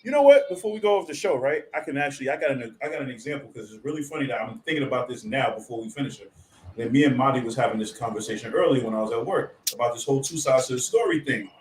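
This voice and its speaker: A man co-hosting a radio talk show, telling a relaxed anecdote in casual chat and quoting people as he goes. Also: medium pitch, very fast, recorded from a distance, a little hiss or hum. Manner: relaxed storyteller, quotes people. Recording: roomy sound, off-mic.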